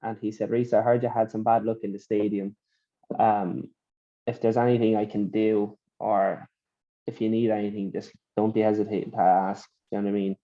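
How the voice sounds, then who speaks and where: A young Irish boxer recounts his career in a loose, rambling way, often tagging on "do you know what I mean". His voice sits at an ordinary pitch with a dark, mellow tone. The recording sounds slightly muffled and lo-fi. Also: little pitch movement, moderate pace. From Ireland. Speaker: boxer interview guest. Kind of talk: casual storytelling interview.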